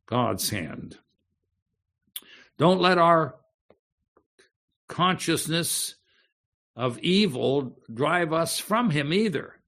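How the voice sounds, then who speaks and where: A man preaching a sermon, teaching slowly and deliberately and often checking in with his listeners. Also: on the high side, a bit bright. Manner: slow, deliberate teaching with frequent "okay?" check-ins. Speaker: pastor.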